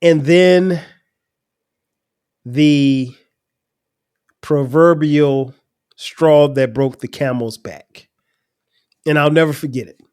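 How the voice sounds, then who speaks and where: Man in his forties, podcast host, relaxed storyteller, slightly higher voice, chuckles now and then. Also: takes it slowly, pauses often, clean tone. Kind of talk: personal storytelling.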